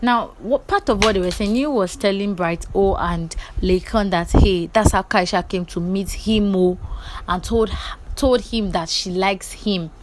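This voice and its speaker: A woman, casually recapping reality-show gossip in a chatty, animated way. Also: mid-range voice, slight background noise, poor audio. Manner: chatty and animated, quick asides.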